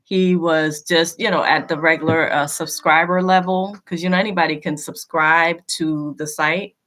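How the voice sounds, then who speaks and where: A woman's voice: deep voice, fairly bright tone. Blunt, chatty woman on a live stream. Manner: blunt and profane, teasing and chatty. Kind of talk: casual live Q&A chat. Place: at home. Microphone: laptop.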